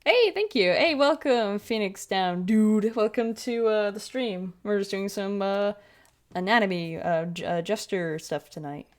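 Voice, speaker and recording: A woman's voice: medium pitch, a little slow. A woman in her twenties chatting casually while drawing on a livestream, rambling along with lots of fillers and self-corrections. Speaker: streamer.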